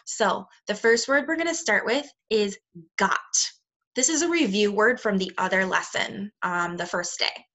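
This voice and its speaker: A woman teaching young children a phonics lesson, speaking slowly and clearly with encouraging praise. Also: mid-range voice, fairly bright tone. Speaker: second grade teacher. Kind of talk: recorded remote phonics lesson.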